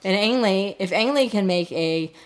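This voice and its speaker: A woman's voice: mid-range voice, moderate pace. A woman co-hosting a casual movie chat, talking in a loose, chatty way with restarts. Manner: chatty, trails off and restarts, laughs easily. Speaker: podcast co-host.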